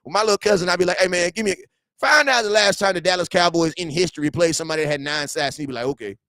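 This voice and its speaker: A man about forty hosting a casual football fan show from his garage, animated and slangy, swinging between loud outbursts and low asides. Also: racing, no echo.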